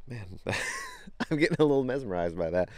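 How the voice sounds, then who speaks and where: A man's voice: fairly low pitch, animated, very fast, a little mellow, dry recording. A man, vlogging outdoors as he wades a creek, talking casually to a handheld camera, easily delighted and laughing often. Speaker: vlogger bottle hunting in a creek.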